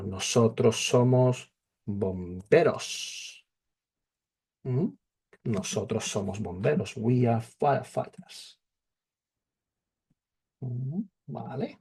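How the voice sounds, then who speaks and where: A man teaching a Spanish lesson, slow and patient, repeating each phrase. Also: mid-range voice, warm tone, slightly rough. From not from England. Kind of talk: slow spoken language lesson.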